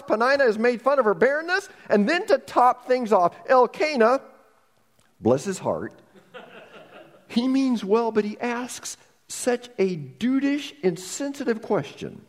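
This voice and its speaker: A man preaching a sermon as a pastor, telling a Bible story with lively humor and asides. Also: sits high, long reverb tail.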